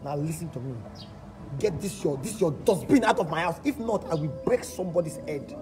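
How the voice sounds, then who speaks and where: A man with a Nigerian accent acting in a comedy skit, angry and shouting, repeating himself. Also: a little high, animated, fairly quick, music in the background. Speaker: skit actor.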